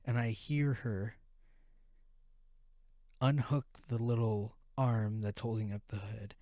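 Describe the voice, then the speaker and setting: Slow, low-voiced man telling a profane story. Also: mellow, dry recording, clean studio sound. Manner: profane, rambling, full of restarts. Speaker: podcast host. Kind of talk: casual storytelling.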